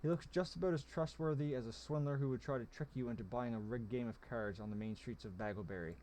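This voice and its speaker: A man's voice: medium pitch, quick pace, warm tone, a little hiss or hum, natural voice. Blunt young gladiator hero, read by a man, cheeky and emphatic, storybook read-aloud.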